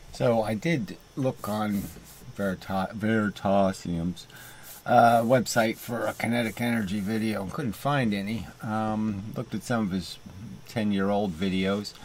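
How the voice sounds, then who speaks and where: Low-voiced rambling male host. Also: a little mellow, slight background noise. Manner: rambling, many fillers, chuckling asides. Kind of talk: casual monologue and mock debate.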